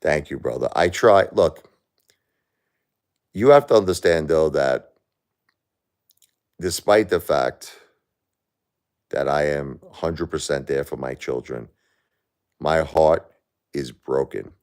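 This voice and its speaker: A grieving man talking to his viewers on a live stream, halting and repeating himself. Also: rumbling low, darkish tone. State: grieving, stressed. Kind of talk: emotional live-stream chat.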